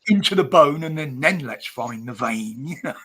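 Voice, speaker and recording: A man's voice: mid-range voice, lively intonation, normal speed, crowd noise. A man chatting casually on a livestream, blunt and swearing freely, laughing often. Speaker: livestream host. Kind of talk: casual chat.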